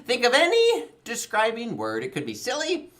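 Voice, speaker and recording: A woman's voice: fairly high pitch, huge pitch swings, moderate pace, fairly bright tone. A woman hosting a children's library show, leading a sing-along in a playful, sing-song voice with frequent laughs and animal noises.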